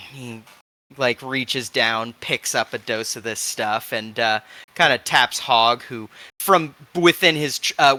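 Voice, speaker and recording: A man's voice: medium pitch, sharp tone, no room sound. A man running a tabletop game as game master, narrating casually with lots of fillers.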